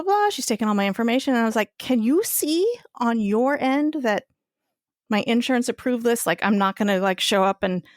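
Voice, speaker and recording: A woman co-hosting a podcast, telling a personal story in a casual, animated way and swearing freely. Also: fairly high pitch, no room sound, studio quality. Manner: animated, swears freely, acts out quoted voices. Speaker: podcast co-host.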